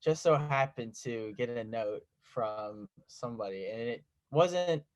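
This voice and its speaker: Teen male co-host, mid-low voice, relaxed storyteller who acts out quotes. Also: a little slow. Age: teens. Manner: laid-back, acts out quotes in his anecdotes. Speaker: podcast co-host. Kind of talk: casual podcast storytelling.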